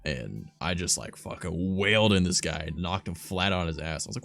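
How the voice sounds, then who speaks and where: A man's voice: sits low, expressive, normal speed, vocal fry, fairly bright tone. A young man hosting a livestream, telling stories in a rambling, profane, filler-heavy casual way. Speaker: streamer host.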